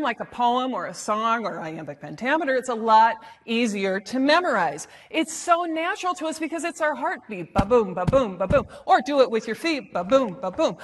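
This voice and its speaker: A woman giving a lively talk to a live audience on stage, playful and theatrical as she acts out rhythms and lines. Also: high voice.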